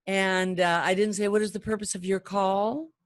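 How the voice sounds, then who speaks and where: Older female phone-sales trainer, chatty and animated, middle pitch, dry close recording. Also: normal speed, no echo. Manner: chatty, animated, acts out callers' lines. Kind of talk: training talk to camera.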